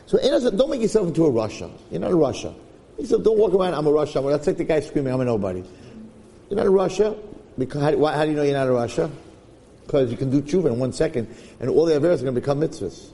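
Brief: male Torah teacher, fairly high, mellow voice, storytelling, reverberant room. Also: big pitch swings, quick pace. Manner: joking, conversational, acts out stories. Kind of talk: informal Torah class.

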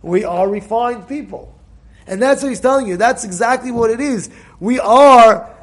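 High-voiced man teaching a Torah class. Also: moderate pace. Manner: emphatic, repeats himself, bursts into loud cries for emphasis.

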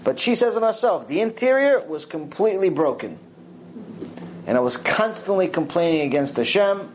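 A man giving a mussar lecture, telling a story with lively acted-out voices. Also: moderate pace, a little hiss or hum, poor audio. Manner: animated storytelling, acts out quoted voices with big pitch swings. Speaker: Torah teacher.

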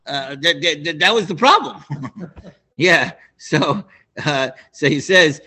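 Bright-voiced man teaching a Bible class. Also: a little high, slow pace. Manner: animated, with frequent restarts and asides. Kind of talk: Torah class lesson.

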